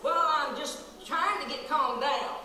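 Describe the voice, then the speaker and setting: A woman's voice: sits high, takes it slowly. A woman telling folksy country comedy stories on stage with a drawl, chatty and playful. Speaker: stand-up comic in character. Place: live stage show in a large hall. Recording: echoey hall from far off, noisy.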